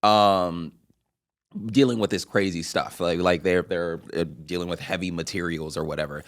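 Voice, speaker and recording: A man co-hosting a casual podcast, jokey and quick to swear. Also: deep voice, fairly even intonation. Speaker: podcast co-host.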